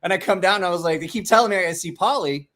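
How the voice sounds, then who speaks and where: A man's voice: sits high, very fast, a bit bright. A man in his forties, a podcast host telling stories in casual chat, rambling and profane, with restarts.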